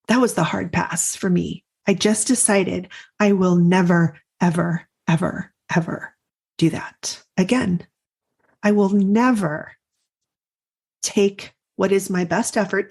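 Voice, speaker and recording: Gravelly-voiced woman coaching, earnest. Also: medium pitch, a little mellow. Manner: earnest, personal storytelling with pauses and restarts. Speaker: life coach and podcast host. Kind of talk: reflective podcast monologue.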